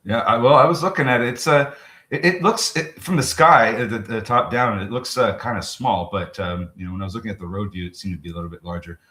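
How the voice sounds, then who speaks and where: A man co-hosting a live trading show, talking through charts in a chatty, halting way. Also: lowish voice, bright, forceful tone. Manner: chatty, halting, restarts with fillers, quick laughs. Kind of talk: live market commentary. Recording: roomy echo.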